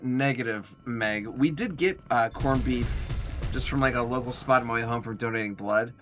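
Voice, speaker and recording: Streaming a game with faint music in the background, this young man speaks at a moderate pace in a mid-range, slightly bright voice. He's chatty, reading viewers' messages out loud and muttering to himself, and he comes across as a little tired and yawny.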